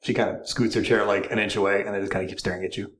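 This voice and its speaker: A man narrating as game master in a tabletop game, with animated, filler-heavy description. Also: on the low side, racing, echoey room, a little hiss or hum, rough recording.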